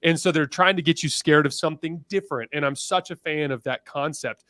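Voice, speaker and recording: A man's voice: a little high, brisk, sharp tone, no echo, clean studio sound. A man guesting on a podcast, talking animatedly and acting out quoted characters. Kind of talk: casual podcast chat.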